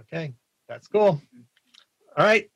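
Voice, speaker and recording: A man's voice: a little high, expressive, a bit bright, no room sound, muffled recording. A man talking as a podcast guest in a friendly, casual way, often restarting his sentences. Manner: friendly, halting with many restarts. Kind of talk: casual interview chat.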